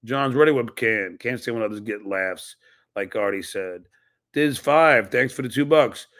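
Gravelly man snapping back at messages. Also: medium pitch, a little slow, a bit bright. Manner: reads messages aloud and snaps back with blunt, profane retorts. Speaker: podcast host reading viewer donations. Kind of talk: casual live-stream chat.

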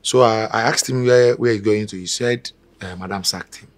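A man's voice: fairly low pitch, moderate pace, natural voice. A Nigerian man playing a timid, anxious house servant who talks hesitantly and stammers. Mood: nervous. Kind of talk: Nollywood drama acting.

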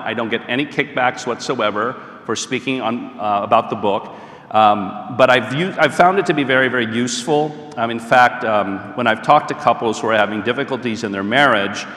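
An American man speaking at a middle pitch gives an easygoing lecture to a live audience. He talks conversationally, with frequent ums and "okay?" checks. His voice rings out with a long reverb in a large, echoey hall. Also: a bit bright. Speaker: speaker leading a talk on marriage.

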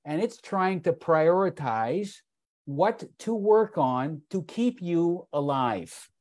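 A wellness product presenter speaks slowly on a video call, his slightly high voice animated yet darkish in tone. Telling a folksy sales story, he calls his listeners "folks" again and again and acts out others' words.

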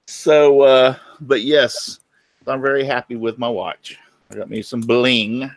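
A man's voice: medium pitch, flat delivery, slow, no room sound. A middle-aged man, hosting a casual chat and telling folksy stories. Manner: folksy storyteller, acts out voices in anecdotes. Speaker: host.

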